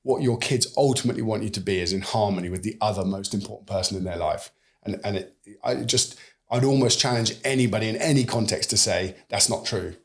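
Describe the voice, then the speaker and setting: A British man in his forties guests on a conversational podcast interview, talking animatedly and performing snippets of quoted dialogue. His voice is on the low side and he speaks fast.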